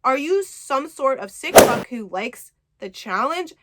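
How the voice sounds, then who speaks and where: A woman voicing a snarky, sharp-tongued young woman who swears and snaps sarcastically while she retells a book. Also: sits high, very animated, measured pace, heavy background noise. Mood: indignant. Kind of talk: book summary with acted quotes.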